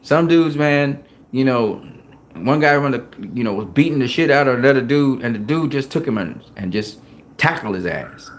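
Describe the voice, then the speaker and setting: Profane, animated man telling gym stories. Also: mid-range voice, normal speed. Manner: profane, animated storytelling with frequent laughs. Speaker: boxing show host. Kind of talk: casual chat.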